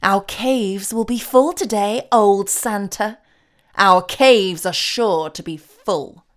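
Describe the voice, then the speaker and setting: Woman voicing a male demon of malice, taunting, jeering, drawn-out, storybook villain. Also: medium pitch, natural voice. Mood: gloating. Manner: jeering, gloating.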